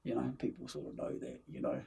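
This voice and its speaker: Very animated and fast-talking, this medium-pitched man sounds gravelly yet mellow and slightly rough. He's a middle-aged actor and film-maker from New Zealand, guesting in a casual interview and rambling through stories full of fillers and restarts.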